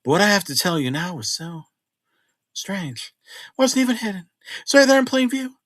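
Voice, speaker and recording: A middle-aged man narrating a horror story in a conversational way, swinging between loud exclamations and hushed asides. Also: sits high, big pitch swings, moderate pace, no room sound, clean studio sound.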